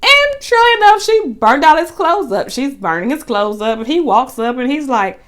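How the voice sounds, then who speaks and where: A woman's voice: high-pitched, very animated, a bit bright. A woman recapping a reality show in a casual, chatty way, with sassy asides. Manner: chatty, sassy asides, quick paraphrased quotes.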